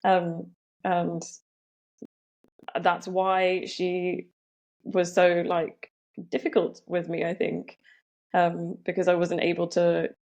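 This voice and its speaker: A young woman tells a personal story as a podcast guest. Her voice sits low and carries a gravelly fry. She talks in a reflective way, with many "um"s and "like"s. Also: monotone, slow pace, long pauses, a little mellow, highs cut off.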